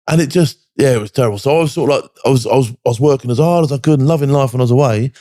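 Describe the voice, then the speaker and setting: A man's voice: mid-range voice, rapid-fire, mellow, no room sound, studio quality. A man over forty, a military veteran giving a candid interview, blunt and full of swearing, tagging his points with "do you know what I mean". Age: 40s or older.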